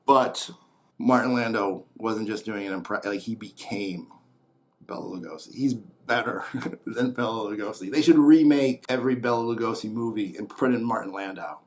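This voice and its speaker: A man's voice: mid-range voice, normal speed, a little mellow. A man rambling through a casual comedic monologue, blunt and opinionated, trailing into muttered asides. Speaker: host.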